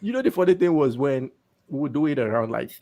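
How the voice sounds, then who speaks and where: A man with a Nigerian accent, co-hosting a podcast in casual chat, animated and often laughing, with stumbling restarts. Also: mid-range voice, fast talker. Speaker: podcast co-host.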